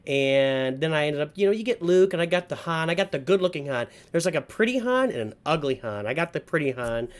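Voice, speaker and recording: Man, middle-aged, fairly high voice, livestream host, casual rambling chat, nostalgic. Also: animated, fairly quick, hardly any pauses.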